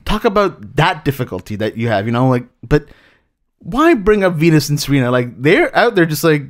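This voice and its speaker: Lively, swearing man in casual chat. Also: fairly high pitch, a little fast. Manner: animated, laughs often, swears freely.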